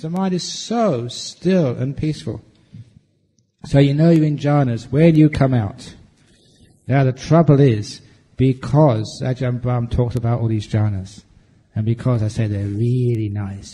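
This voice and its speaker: A man, a Buddhist monk, answering meditation questions at a retreat in a playful, humorous, relaxed way. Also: mid-range voice. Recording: long hall reverb.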